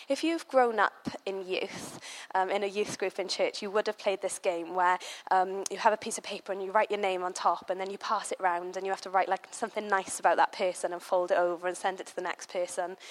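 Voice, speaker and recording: A young woman giving a casual church talk, opening with a story and speaking chattily with many "like"s and "you know"s. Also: mid-range voice. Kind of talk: casual sermon with anecdote.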